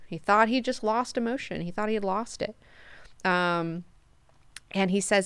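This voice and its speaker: A woman's voice: mid-range voice, a little slow, pauses often, smooth, no room sound. Chatty, swearing woman book-club host. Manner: profane, animated, chatty retelling. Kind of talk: casual book discussion.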